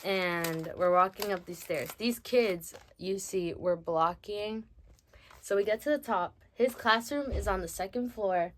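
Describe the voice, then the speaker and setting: A teenage girl vlogger tells a story in a chatty, slangy way, drawing out her words. Her voice is mid-range, and there's a little hiss or hum in the background.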